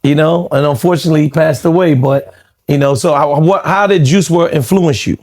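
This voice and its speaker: Animated, profane male DJ co-host. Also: a little high, a little fast. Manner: animated, swearing, laughing storyteller. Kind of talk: casual storytelling chat.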